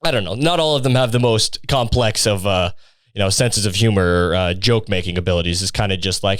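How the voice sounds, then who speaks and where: A man's voice: fairly low pitch, fairly quick, a bit bright, dry recording. A young man hosting a podcast, rambling sarcastically with lots of swearing in a casual comedic monologue. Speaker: podcast host.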